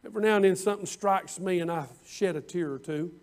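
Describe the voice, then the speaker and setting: A high-voiced man preaching a sermon. He leans hard on his words, slowing down and swelling in volume whenever he quotes scripture. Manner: preaching with drawn-out emphatic lines, rising louder on scripture quotes. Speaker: pastor.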